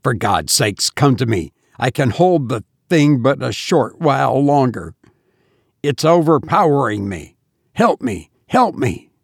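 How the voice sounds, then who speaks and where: A man voicing a frightened young gentleman who pleads desperately for help against an unseen creature. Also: mid-range voice, animated, unhurried, vocal fry, dry recording, studio quality.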